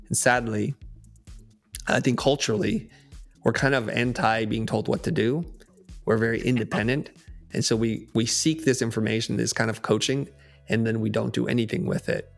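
Brief: male podcast guest, emphatic storyteller, gravelly tone, faint music underneath. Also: medium pitch, fairly even intonation, normal speed. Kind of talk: storytelling in conversation.

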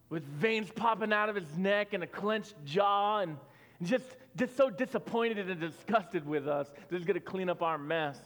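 Pastor preaching in a reverberant hall. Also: male voice, high voice. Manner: conversational storytelling with fillers, swelling loud then dropping soft. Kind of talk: sermon. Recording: long hall reverb with soft music.

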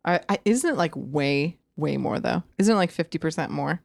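A woman's voice: deep voice, animated, normal speed, creaky, no echo, clean studio sound. A woman on a casual podcast, giggly and curious, asking the others questions. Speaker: podcast co-host. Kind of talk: casual chat.

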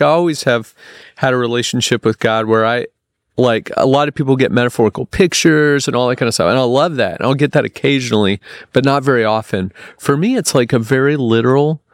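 A man's voice: mid-range voice, brisk, dry recording, studio quality. A young man telling a personal story as a podcast guest, rambling with lots of fillers and restarts. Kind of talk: casual storytelling.

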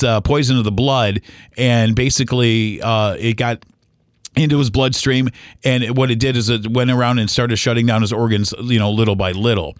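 A man in his forties, a podcast host telling a personal story in an earnest, halting way with many fillers and restarts. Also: medium pitch, clean tone, dry recording, studio quality. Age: 40s.

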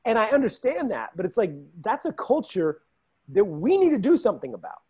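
A man who coaches fighters, chatting casually and telling animated stories, acting out the people he quotes. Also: brisk, breathy edge. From Los Angeles. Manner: animated, acts out quotes with raised pitch. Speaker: fight coach and show regular. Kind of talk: casual chat, storytelling.

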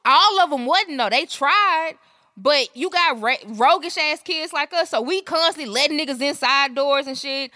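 Animated high-voiced woman co-host. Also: normal speed, no echo, clean studio sound. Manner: blunt, profane, animated storytelling. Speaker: podcast co-host. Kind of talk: casual chat.

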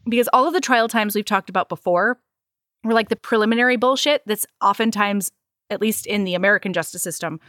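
A woman co-hosting a casual chat, recapping a story with quick acted-out lines and some swearing. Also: medium pitch, no echo, clean studio sound. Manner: animated, swearing, acts out lines in quick voices. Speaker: podcast co-host.

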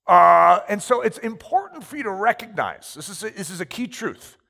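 A pastor giving an animated sermon, telling stories with acted-out asides. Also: male voice, high-pitched, normal speed, gravelly. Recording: reverberant hall.

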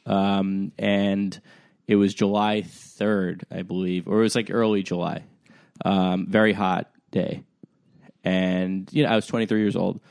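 A man's voice: low-pitched, level tone, a little slow, vocal fry, darkish tone, clear, resonant tone, no room sound, clean studio sound. A young man co-hosting a podcast, telling a rambling, self-deprecating story in a casual way, full of "like" and "um". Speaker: podcast co-host.

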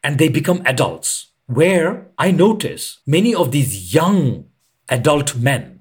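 A man who leads retreats, speaking as a podcast guest in an earnest, reflective way and pausing to stress his points. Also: a little high, sing-song, slightly rough. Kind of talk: reflective conversational explanation.

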